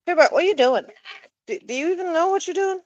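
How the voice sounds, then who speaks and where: A woman's voice: extremely high pitch, lively intonation, quick pace, dry recording, dull audio. A woman chatting casually while she coaxes her pets with sing-song calls in a backyard. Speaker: pet owner vlogger. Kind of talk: casual chat to camera and animals. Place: backyard outdoors with chickens.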